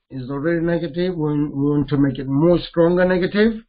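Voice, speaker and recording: A man teaching a grammar lesson, repeating each Arabic term slowly as he mixes it into English explanations. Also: a little high, dull audio.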